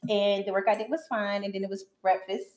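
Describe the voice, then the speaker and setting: A woman's voice: mid-range voice, steady tone, brisk, darkish tone. A woman co-hosting a podcast, telling a personal story in a chatty way. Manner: chatty storyteller, laughs easily. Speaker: podcast co-host. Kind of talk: casual chat.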